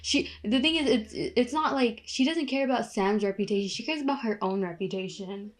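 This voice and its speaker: A woman's voice: fairly high pitch, fairly quick. Chatty young woman reacting to a series. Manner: chatty, rambling recap full of "and then"; gets worked up and indignant while watching. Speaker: reaction video host. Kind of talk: casual reaction commentary.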